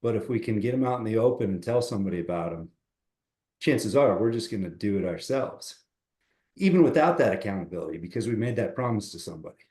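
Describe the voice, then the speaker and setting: A man's voice: lowish voice, lively intonation, quick pace, echoey room. A man speaking as a motivational coach on a podcast, upbeat and encouraging, giving advice in a casual chat over a remote call. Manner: upbeat, counts push-ups loudly and out of breath.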